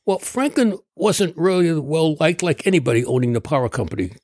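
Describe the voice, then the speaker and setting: An older man from Connecticut, a doctor being interviewed, telling a rambling story and clearing his throat often. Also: fairly high pitch, very animated, fairly quick, a little mellow, no echo, studio quality. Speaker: guest, doctor.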